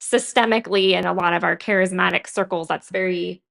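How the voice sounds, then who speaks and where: A woman's voice: on the low side, fairly even intonation, fast, creaky, fairly bright tone. A woman co-hosting a podcast, talking earnestly and at length in casual conversation, with many "like"s. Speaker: podcast co-host.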